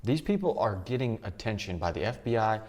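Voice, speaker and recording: A man's voice: on the low side, lively intonation, brisk, a little mellow. A man narrating a commentary video in a matter-of-fact, mocking way. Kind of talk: scripted commentary.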